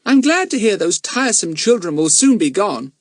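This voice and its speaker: Man playing a sniffy storybook girl, high husky voice. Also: sing-song, moderate pace, dry recording, studio quality. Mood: disdainful. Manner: disdainful. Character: haughty girl, young teen.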